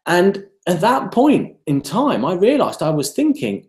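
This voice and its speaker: Male self-development speaker, lively storyteller, rhetorical questions, echoey room. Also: sits high, measured pace. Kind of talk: live online talk.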